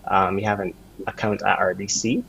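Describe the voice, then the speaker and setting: A man, a service club official, explaining a charity drive on a morning show in a steady, informative way. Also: fairly low pitch, moderate pace, creaky, slight background noise. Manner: informative, steady, uses fillers. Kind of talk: studio interview. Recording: dull lo-fi sound.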